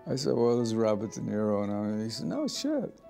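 Older man with a gravelly voice. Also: fairly low pitch, fast talker, faint music behind. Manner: animated anecdotes, acts out quoted voices. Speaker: film director. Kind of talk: interview storytelling.

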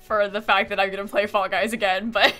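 Bright, giggly young woman streamer. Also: mid-range voice, flat delivery, brisk, soft background music. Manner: giggly, apologetic, rambling. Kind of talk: casual live-stream chat. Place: her room at home.

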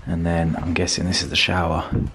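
A young man vlogging a casual, upbeat tour of a hotel room, chatty and relaxed. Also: low voice, fairly quick, a little hiss or hum.

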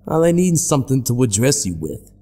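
A man voicing a gruff, impatient police captain who talks bluntly and demandingly. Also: medium pitch, sing-song, fairly quick, dark tone, faint music behind, pitched above the performer's own voice. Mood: pressing. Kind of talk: horror story narration voice acting.

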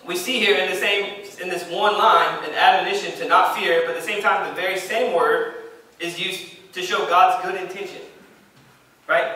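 Man preaching, fairly high bright voice, emphatic and repetitive, echoey church room, heard from a distance. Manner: emphatic, repeats phrases, reads scripture aloud. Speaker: pastor. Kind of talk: sermon. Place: church sanctuary.

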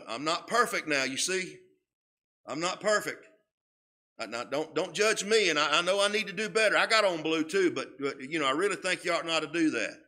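Preacher guy doing a mumbly hypocrite churchgoer, quiet hurried excuses. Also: medium pitch. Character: hypocritical churchgoer excusing himself, male, adult.

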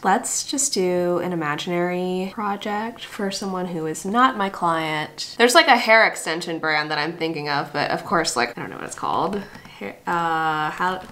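A woman's voice: mid-range voice, fairly bright tone. Chatty woman with dry sarcastic asides. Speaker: freelance writer reviewing software. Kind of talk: casual review and demo.

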